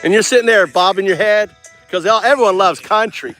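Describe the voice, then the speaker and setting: Rambling, jokey man with a higher voice. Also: fairly quick, bright, forceful tone, soft background music. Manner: rambling, tags lines with "right?", restarts often; mocking, jokey, chuckles while talking. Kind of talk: casual rambling monologue.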